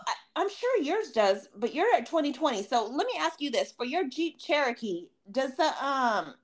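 A woman's voice: high-pitched, a bit bright. A woman co-hosting a casual podcast, ranting heatedly with lots of swearing and acted-out quotes. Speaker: podcast co-host. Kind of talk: casual chat.

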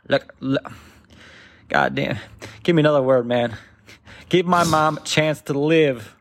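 Slow-talking man doing stand-up. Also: on the high side, creaky. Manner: rambling storytelling, acting out other voices. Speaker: stand-up comedian. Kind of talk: stand-up routine.

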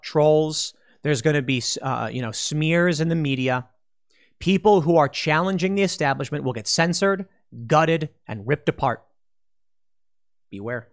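Animated man delivering emphatic commentary. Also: a little high. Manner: emphatic, sweeping declarations; rambling with restarts and quoted asides. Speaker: political commentary host. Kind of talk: political commentary monologue.

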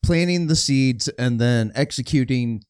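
A man in his forties with a mid-range voice co-hosts a casual podcast. He speaks in a measured, reflective way with plenty of fillers. The close mic leaves the sound dry. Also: medium pitch, darkish tone, smooth, no echo. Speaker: podcast co-host.

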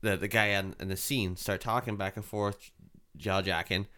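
A man's voice: lowish voice, normal speed. A man in casual chat, telling a story with plenty of swearing and acting out the other people's voices. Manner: animated storyteller, swears often, acts out voices. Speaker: haunted attraction worker.

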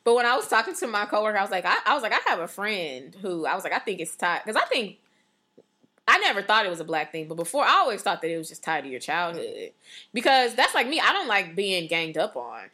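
A woman in casual, animated chat, trailing off and restarting as she talks. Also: mid-range voice, fast talker.

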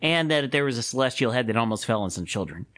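This man co-hosts a podcast and talks in an easygoing, animated way. His pitch sits in the middle, and he laughs readily while frequently beginning sentences again.

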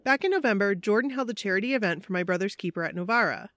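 Woman podcast cohost, chatty, reads a fan story out loud, dry close sound. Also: medium pitch, expressive, very fast, no room sound. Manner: chatty, laughing, reads aloud with asides. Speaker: podcast co-host. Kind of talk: casual chat and reading a listener story.

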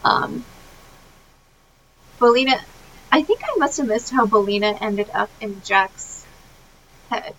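A podcast co-host retells a film scene by scene in casual, animated chat, full of fillers and frequent laughter. Her voice is a little high and slow with many pauses, and the rough recording carries slight background noise.

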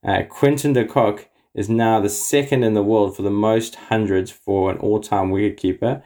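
A man's voice: on the low side, steady tone, moderate pace, mellow. A man giving an enthusiastic, casual cricket update as a podcast correspondent. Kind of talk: casual chat.

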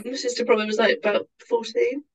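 A woman co-hosting a chatty podcast, telling an anecdote with lots of swearing and animated quoted voices. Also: a little high, quick pace, breathy edge, far from the mic, poor audio. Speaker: podcast co-host. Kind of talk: casual chat.

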